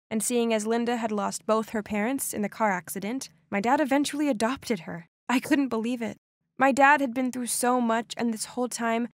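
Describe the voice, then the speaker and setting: A woman with a slightly high voice narrates a first-person animated story, expressive and dramatic. The sound is close and dry, with no room around it. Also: no room sound.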